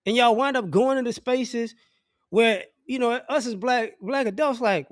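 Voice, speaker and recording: Blunt, high-voiced middle-aged man ranting. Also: a little slow, no room sound, clean studio sound. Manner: blunt, profane, rambling with restarts. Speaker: vlogger. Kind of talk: casual opinion rant to camera.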